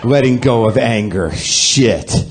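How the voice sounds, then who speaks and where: A man's voice: medium pitch, expressive, slow, some chatter behind. A man hosting a podcast, delivering a sardonic, self-deprecating comic monologue in a ranting manner to a live audience. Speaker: podcast host.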